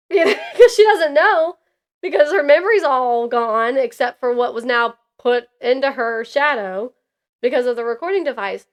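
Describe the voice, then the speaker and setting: A woman co-hosting a casual book podcast, animated and laughing often as she rants about a book. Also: on the high side, moderate pace. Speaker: podcast co-host.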